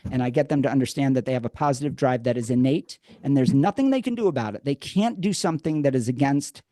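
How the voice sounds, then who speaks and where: A man speaking as a podcast guest, with a darker, mellow voice in a dry, close room. He tells stories in a lively, animated way, acts out old conversations, and often repeats words as he restarts. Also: mid-range voice, quick pace, no room sound. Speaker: podcast guest, addiction program co-creator. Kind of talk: conversational storytelling.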